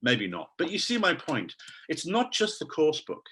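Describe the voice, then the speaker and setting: A man leading an online teacher training session over a video call, enthusiastic and animated as he quizzes his audience. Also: a little high, normal speed, slightly rough. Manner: quizzes the audience, reads names from chat.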